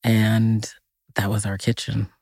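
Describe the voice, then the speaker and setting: A woman from Massachusetts, an actress being interviewed, telling lively, reflective childhood stories and often laughing. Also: very deep voice, slow pace, no room sound, studio quality. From Massachusetts, USA. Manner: reflective, vivid listing, breaks into laughter. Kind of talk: casual interview storytelling.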